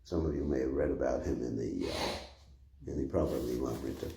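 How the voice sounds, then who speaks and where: Older man, low dark voice, echoey room. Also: fast, gravelly. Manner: rambling and conversational, chuckling often. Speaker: spiritual teacher giving a class. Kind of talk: informal scripture class.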